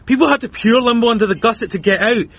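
An actor playing a sullen, defiant teenage son in a radio sitcom. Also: male voice, very high voice, fast talker, a bit bright, husky, exaggerated voice. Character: surly teenage son, male. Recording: muffled broadcast sound.

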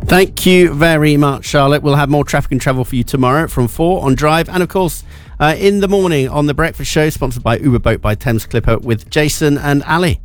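A man's voice: on the high side, a little fast, faint music behind. A man hosting a radio show in casual chat, talking loosely with fillers and restarts. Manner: chatty, lots of filler words and restarts. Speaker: radio host. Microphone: studio microphone.

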